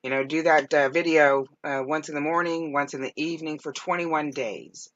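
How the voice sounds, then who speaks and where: A woman's voice: deep voice, fairly even intonation, normal speed, lo-fi sound. A woman hosting as a psychic medium, giving spiritual guidance with many fillers. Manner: warm, speaks with lots of fillers.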